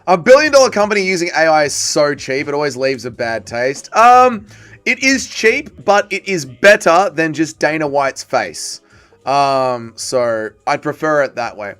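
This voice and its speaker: A man's voice: on the high side, sing-song, measured pace, fairly bright tone, clear, resonant tone. A man hosting a livestream watch party, chatting casually and joking as he reads viewer comments aloud and answers them. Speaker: livestream host.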